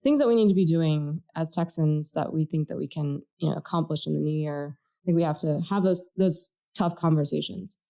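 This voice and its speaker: Talking a little fast with hardly any pauses, a low-voiced woman with warm tone and vocal fry co-hosts a political podcast. Her casual chat is earnest and reflective, as if she's thinking things through aloud.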